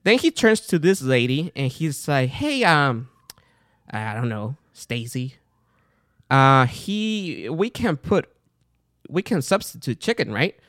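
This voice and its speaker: A man who grew up abroad tells a long, casual story as host of his own show. His pitch sits mid-range, jumps up when he gets excited, and he acts out dialogue with lots of fillers. The recording is dry and close. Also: takes it slowly, no echo. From outside the United States. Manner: animated, chatty, with fillers and retold dialogue. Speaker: podcast host.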